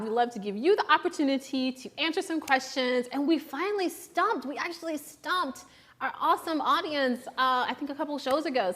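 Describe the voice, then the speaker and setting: Young woman, live shopping show host, casual and chatty, upbeat, fairly high voice. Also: fairly bright tone. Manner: upbeat and chatty, with frequent restarts. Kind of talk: casual live-stream hosting.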